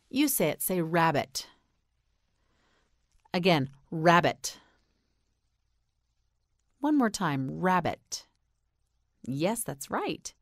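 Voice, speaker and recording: American woman teaching pronunciation, super slow, lively pitch, dry close sound. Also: no echo. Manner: slow, carefully enunciated, repeating words for learners. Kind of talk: slow drilled vocabulary lesson.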